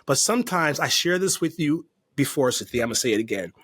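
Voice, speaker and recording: A man speaks earnestly as a podcast guest, his voice slightly husky. He tells his recovery story with heartfelt, emotional faith. The sound is dry and close. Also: on the high side, expressive, fast talker, fairly bright tone, no echo. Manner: faith-filled. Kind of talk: personal testimony in conversation.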